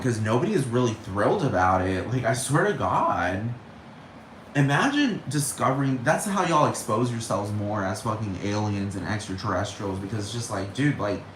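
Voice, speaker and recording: Exasperated, foul-mouthed rambling ranter. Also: mid-range voice. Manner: heavy swearing, rambling and exasperated; repeats phrases, many fillers like "like" and "dude". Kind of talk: casual monologue rant. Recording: echoey room with faint background noise.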